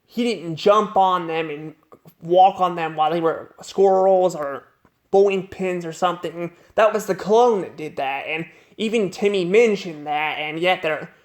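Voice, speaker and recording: Male cartoon reviewer, slightly high voice, unscripted, halting delivery full of restarts. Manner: rambling, halting, many restarts and repeated words.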